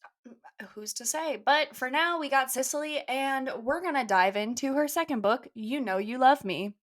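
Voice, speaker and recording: A woman's voice: sits high, normal speed, fairly bright tone. A young woman co-hosting a casual book podcast, joking and rambling, with self-deprecating humor. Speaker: podcast co-host.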